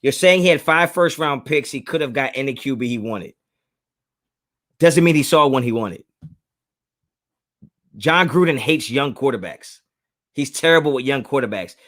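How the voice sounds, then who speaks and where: A young man hosts a live sports fan talk and answers his chat. His voice sits high for a man. He argues heatedly and repeats words over and over to drive a point home. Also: a bit bright. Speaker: sports talk show host.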